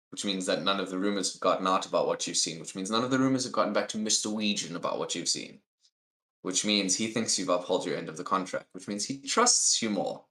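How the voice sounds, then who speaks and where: A man's voice: sits low, pushed and bright. A man running a tabletop game, explaining things wryly in long run-on sentences. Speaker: game master. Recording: roomy echo.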